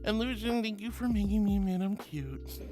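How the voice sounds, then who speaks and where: Woman streamer with a middling pitch, bubbly and giggly, talking to viewers over faint music, calling them honey and sweetie. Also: animated, fairly quick, warm tone. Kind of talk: casual live-stream chat.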